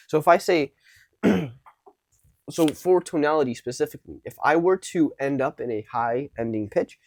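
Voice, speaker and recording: A man's voice: medium pitch, darkish tone, no room sound. Man coaching, dry close sound. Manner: demonstrates tones of voice, shifting between unsure and commanding. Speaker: social skills coach. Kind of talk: casual teaching to camera.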